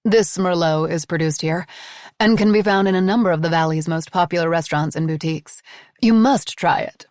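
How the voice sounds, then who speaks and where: A woman's voice: lowish voice, brisk, darkish tone, dry recording, studio quality, lightly acted. A woman voicing a poised female hostess of a mansion, dramatic and eager to please. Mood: proud.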